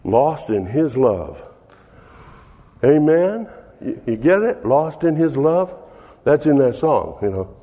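A man's voice: medium pitch, big pitch swings, takes it slowly, pauses often, mellow, slightly rough, big-room sound. An older man preaching as a pastor, laughing often and dropping to a whisper in prayer. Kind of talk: sermon.

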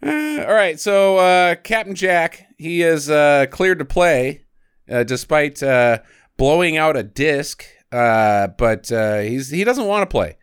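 A man's voice: a little high, expressive, slow pace, clean tone, no room sound, clean studio sound. A man co-hosting a casual movie review podcast, sarcastic, recapping scenes and jumping into quoted voices. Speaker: podcast co-host.

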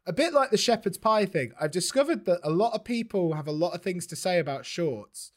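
A man co-hosting a casual podcast, playful and quick to laugh, reading passages aloud in a mock-serious tone. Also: sits high, expressive. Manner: playful, reads quotes with mock gravity and laughs often. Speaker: podcast co-host.

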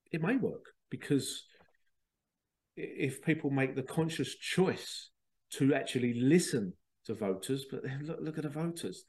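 A man's voice: mid-range voice, darkish tone. Rambling man hosting a podcast. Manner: rambling, digressive, mocks others in put-on voices. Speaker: podcast host. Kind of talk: casual spoken monologue.

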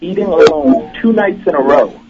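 A man's voice: a little high, animated, moderate pace, background noise. Joking man calling in. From Boston, Massachusetts. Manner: joking, hyping up a friend. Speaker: caller. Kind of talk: call-in chat. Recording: lo-fi call with crowd behind.

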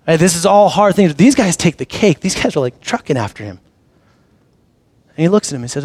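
A man preaching in a relaxed, conversational way, his voice sitting a little high for a man. He tells the story with animation and sometimes drops into a quiet, close tone. The sound is dry, with no room echo. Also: a little fast, long pauses, slightly rough. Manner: drops to a soft, intimate low voice. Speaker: pastor. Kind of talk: sermon.

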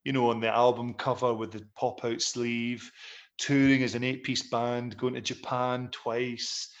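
A middle-aged man telling stories in a casual interview, a musician looking back on his career. He rambles through his anecdotes in a self-deprecating way. His voice sits at an ordinary pitch for a man. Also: little pitch movement, unhurried. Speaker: musician guest.

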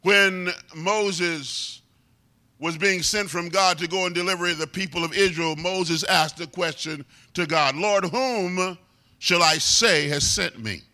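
A man preaching a sermon, building from measured teaching to shouted crescendos. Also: high voice.

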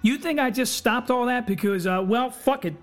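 High-voiced, blunt, cursing man. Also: moderate pace. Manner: blunt and heavily profane; impassioned, earnest. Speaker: podcast host. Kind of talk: candid personal monologue.

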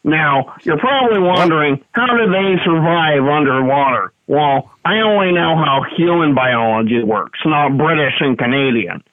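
A man's voice: on the high side, normal speed, few pauses, no room sound, natural voice. A man calling in to voice a grumpy male cartoon squid neighbor, telling his story in a dry, put-upon way. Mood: grumbling. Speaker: caller. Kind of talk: prank voicemail impression. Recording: phone-line voicemail.

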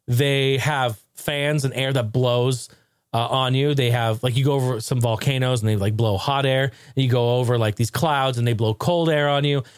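A man's voice: medium pitch, no room sound, clean studio sound. A man hosting a casual tech talk show, swearing freely, laughing often and rambling animatedly.

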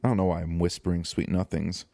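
A man's voice: low voice, flat delivery, fast talker, mellow, dry recording. A young man hosting his own podcast, talking casually in a rambling, joking way with lots of fillers and restarts, close to the microphone. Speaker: podcast host. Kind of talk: casual solo podcast monologue. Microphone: close studio microphone.

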